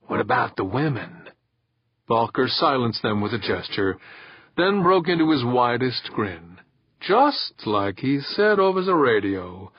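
A man narrates an audiobook slowly and expressively, his husky voice moving widely in pitch. He takes his time over each line. The recording is dry, dull and lo-fi. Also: no echo. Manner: unhurried, expressive storytelling. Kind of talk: scripted narration.

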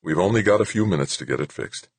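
A man's voice: low-pitched, expressive, quick pace, slightly rough, dry recording, full character voice. Man playing a grim, terse space engineer. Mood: urgent.

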